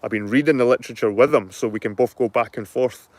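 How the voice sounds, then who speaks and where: A middle-aged Scottish man rambles to his viewers in a loose, casual chat, restarting sentences and swearing freely. His voice sits at an ordinary pitch for a man and sounds close and dry, with no room echo. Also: fast talker. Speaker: channel host.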